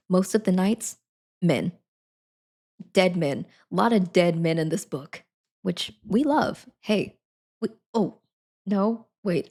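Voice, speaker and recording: A young woman chats casually on a live stream about a book she read, rambling, giggling and correcting herself as she goes. Her voice sits on the low side with a steady gravelly fry. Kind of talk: casual book review chat.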